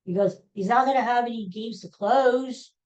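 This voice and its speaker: A woman's voice: fairly high pitch, moderate pace, a little mellow, dull audio. A woman hosting a podcast, delivering an exasperated, sarcastic solo sports rant. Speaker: podcast host.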